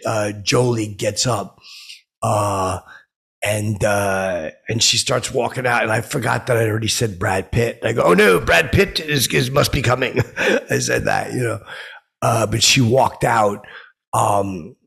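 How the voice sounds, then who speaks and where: A man's voice: fairly low pitch, steady tone, takes it slowly, gravelly, fairly bright tone, breathy edge, exaggerated voice. A man playing an oblivious, boastful washed-up stand-up comedian who rambles self-importantly with lots of filler. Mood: rambling boastful. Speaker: podcast host. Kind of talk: improvised comedic monologue.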